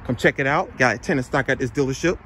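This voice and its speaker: A man's voice: medium pitch, fast talker, fairly bright tone, slight background noise. Man listing truck features in short phrases. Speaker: car reviewer. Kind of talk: casual car walkaround commentary. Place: car dealership lot and inside a truck.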